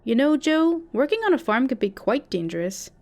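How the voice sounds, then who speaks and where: A woman voicing a cruel, sarcastic teenage bully boy in a horror story reading, her voice lifted higher than her narration. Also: sing-song, normal speed, darkish tone. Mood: mocking. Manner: mocking, sarcastic.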